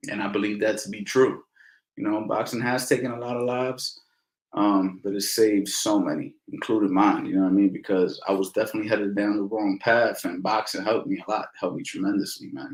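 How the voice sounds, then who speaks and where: A middle-aged man, a boxing coach, telling stories in a casual Q&A, animated and slangy, repeating phrases for emphasis. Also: fairly low pitch. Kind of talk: casual Q&A storytelling. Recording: roomy echo.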